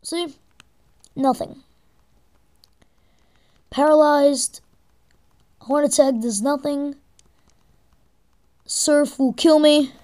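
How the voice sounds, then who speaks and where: High-voiced woman grumbling through gameplay. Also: fairly even intonation, extremely slow, pauses often, warm tone. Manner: exasperated, swearing at the game. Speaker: let's play gamer. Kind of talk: gameplay commentary.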